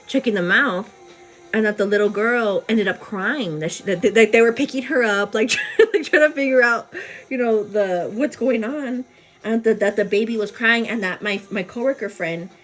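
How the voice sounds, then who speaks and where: A woman's voice: medium pitch, moderate pace, soft background music. A young woman vlogger telling a story casually, acting it out with gasps and cries. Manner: animated, acts out the scene with cries and gasps.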